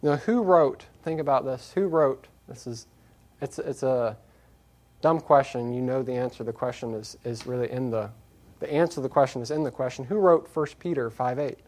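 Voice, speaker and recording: Male preacher, sermon, earnest, repetitive exhortations, quiet then emphatic reading, mid pitch. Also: normal speed. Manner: alternates between quiet reflection and raised, emphatic scripture reading.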